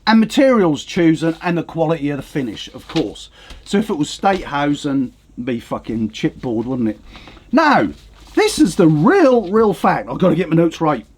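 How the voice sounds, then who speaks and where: A man's voice: a little high, very animated, moderate pace, husky. A middle-aged man delivering an angry, profane political rant. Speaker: online commentator. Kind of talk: ranting political commentary.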